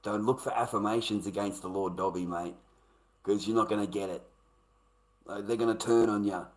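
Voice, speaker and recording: A man's voice: lowish voice, fairly even intonation, moderate pace, rough recording. A man ranting bluntly and profanely at his live-stream chat. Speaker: livestreamer.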